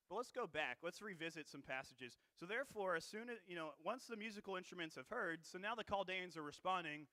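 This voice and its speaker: Bright-voiced man preaching a sermon. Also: sits high, animated, brisk, no room sound. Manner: conversational, many fillers and tag questions. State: dry throat, clearing it often. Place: church.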